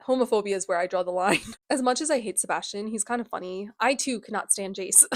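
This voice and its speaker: A young woman in her twenties recaps a book series with animated, sarcastic commentary and frequent laughter. Her voice sits at a middle pitch, and the recording is close and dry with no room sound. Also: fast, dry recording. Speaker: book vlogger.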